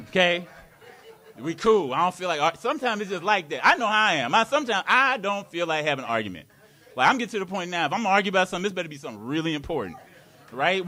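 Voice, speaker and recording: A man with a high, sing-song voice races along, pushed and bright. He's preaching a live sermon in a community worship hall, playful and laughing, with call-and-response.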